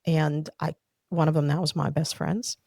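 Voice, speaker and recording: Woman guest, heartfelt personal testimony; heavy vocal fry, dry close sound. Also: sits low, level tone, moderate pace, a little mellow, no room sound. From Soviet Union. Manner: earnest, heartfelt storytelling. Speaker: podcast guest.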